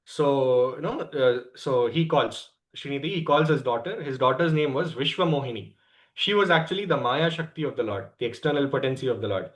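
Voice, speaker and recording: A man's voice: medium pitch, brisk. A man with an Indian English accent telling a scripture story in a devotional class, often checking in with "right?". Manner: lively storyteller, tags lines with "right?".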